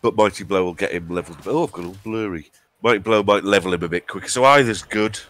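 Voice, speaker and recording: A man's voice: sits low, fast talker, fairly bright tone, no echo. A man from England with a cold, co-hosting a live stream in casual, jokey banter. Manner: chatty, banter with jokey asides. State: has a cold. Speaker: stream co-host.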